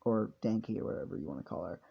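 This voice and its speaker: A man's voice: lowish voice, steady tone, very fast, gravelly, breathy edge. A man telling a fan story casually, rambling and swearing with lots of fillers. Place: hot room indoors. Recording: dull lo-fi home recording.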